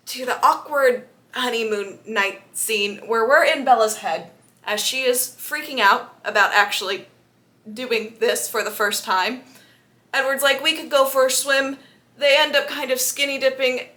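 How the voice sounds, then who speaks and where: A woman book vlogger giving a casual, sarcastic and animated retelling of a novel. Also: a little high. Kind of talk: casual book recap vlog.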